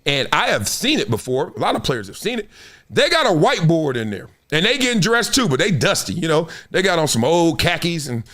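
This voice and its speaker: A male host talks through sports stories in a lively, bouncing voice that swings widely in pitch. He is profane and animated and keeps acting out scenes as he riffs. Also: fairly quick. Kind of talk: casual commentary show.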